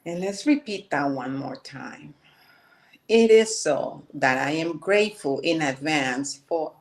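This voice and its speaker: A woman calmly leading guided breathing and affirmations. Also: sits low. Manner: calm, measured guidance. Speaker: spiritual teacher.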